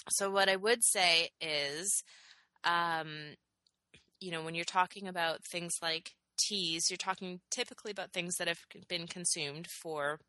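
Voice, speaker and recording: A woman's voice: on the low side, fairly even intonation, unhurried, bright, forceful tone, no echo, poor audio. A woman co-hosting a casual health podcast, explaining research with frequent fillers. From Canada. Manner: explanatory, science-minded, many "um"s and "you know"s. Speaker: podcast co-host.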